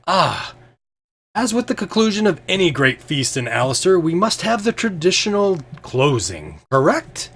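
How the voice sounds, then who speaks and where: A man's voice: high voice, sing-song, moderate pace, breathy edge, pitched above the performer's own voice, heavily acted. A man voicing a boisterous, gluttonous male jester who cackles and shows off at a feast. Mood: grand. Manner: loud, cackling showman.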